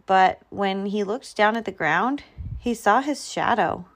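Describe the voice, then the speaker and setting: A woman reading a children's picture book aloud, slow and expressive. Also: mid-range voice. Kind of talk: storybook read-aloud.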